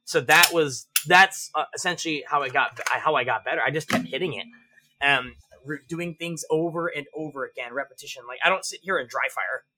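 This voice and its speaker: A man as a podcast guest, telling stories animatedly, swearing freely and acting out shouted range commands. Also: fairly high pitch, a little fast, slightly rough. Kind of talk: casual interview chat.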